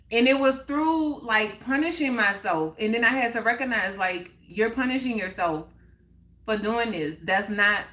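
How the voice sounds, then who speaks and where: A woman's voice: mid-range voice, pushed and bright. A woman hosting a live stream in casual chat, answering viewers and repeating her points for emphasis. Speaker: livestream host.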